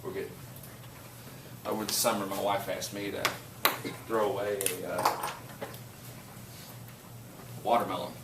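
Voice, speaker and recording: A male teacher, talking to a classroom and spinning a story with plenty of energy. He is picked up from across an echoey room, and the recording carries a steady background noise. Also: on the low side, measured pace, pauses often. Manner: animated storyteller, laughing while telling. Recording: echoey classroom from far off, noisy.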